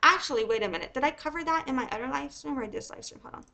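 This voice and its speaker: A woman streamer giving heated, profane livestream commentary with fast angry rants. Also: high-pitched, sharp tone.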